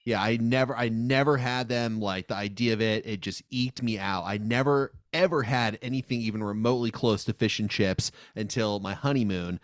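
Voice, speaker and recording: A man's voice: on the low side, moderate pace, hardly any pauses, no room sound, clean studio sound. A man co-hosting a comedy podcast, chatting casually and playfully about food and joking around. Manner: playful, slips into joking mock accents. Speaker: podcast co-host, food segment host.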